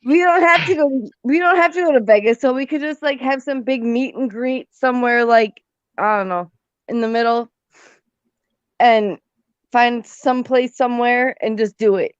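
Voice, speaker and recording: A woman co-hosting a casual chat, easygoing and quick to laugh. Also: on the high side, smooth, no echo, lo-fi sound. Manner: laughs often, slow easygoing talk. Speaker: co-host.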